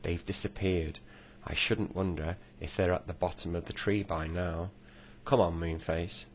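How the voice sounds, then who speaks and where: A man's voice: low-pitched, fairly even intonation, unhurried, a little hiss or hum. A man reading a cross, sensible boy.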